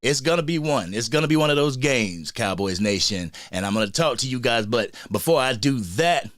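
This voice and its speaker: A man hosting a sports fan livestream in a casual, hyped way, shouting out people in the chat. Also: mid-range voice, animated, normal speed, no room sound, studio quality. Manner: hyped, shout-outs to chat, frequent slang.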